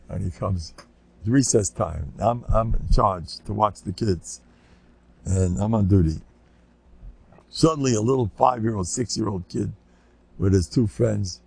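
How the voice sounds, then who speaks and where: Gravelly older rabbi, rambling lecture. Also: male voice, a little mellow. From United States. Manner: rambling anecdotal storytelling with Yiddish and Hebrew words; acts out children's voices in high squeaks. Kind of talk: informal Torah lecture.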